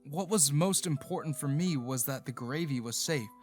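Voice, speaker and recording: A man giving a scripted first-person narration of a romance story, steady and even. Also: fairly high pitch, moderate pace, faint music behind.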